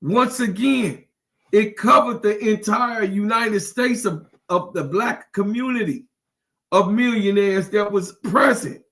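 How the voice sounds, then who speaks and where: A man's voice: high-pitched, slow pace, a bit bright. A man hosting his own livestream, talking in an impassioned, preachy way, repeating lines for emphasis and near tears. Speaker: channel host.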